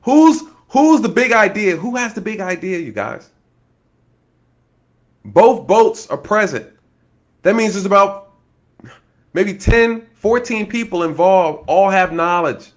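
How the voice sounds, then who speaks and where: A former law enforcement officer offers casual true-crime commentary in a high-pitched voice at a moderate pace. He's animated and laughs often, constantly talking to his viewers and acting out scenarios that might have happened.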